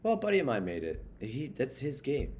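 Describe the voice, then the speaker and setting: A woman's voice: extremely low pitch, wildly swooping pitch, a little fast, a little mellow. A woman co-hosting a casual podcast chat. She talks bluntly and swears constantly. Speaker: podcast co-host.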